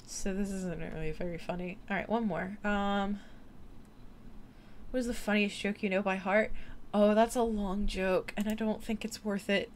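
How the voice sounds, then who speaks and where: A woman's voice: medium pitch, fairly even intonation, moderate pace, slight background noise. A tired woman streamer chatting late at night, rambling and giggly with lots of fillers. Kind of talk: late-night casual chat.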